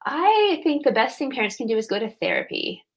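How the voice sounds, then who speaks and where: A woman in her thirties who trains grief companions speaks as a guest in a conversational interview, earnest and reflective, growing animated as she acts out parents and children to explain. Her voice is a little high and a little fast, with a breathy edge.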